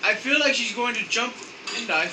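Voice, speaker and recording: A woman vlogging while playing a video game at home, joking crudely, often yelling and laughing, her voice strained from yelling. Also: a little high, lively intonation, moderate pace, noisy background. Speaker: gameplay vlogger. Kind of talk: casual gaming banter.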